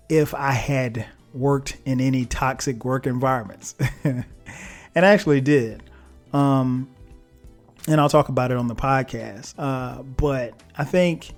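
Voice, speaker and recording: A man hosting his own podcast, talking in a laid-back, chatty way with frequent laughs and fillers. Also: medium pitch. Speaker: podcast host. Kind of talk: casual solo podcast monologue.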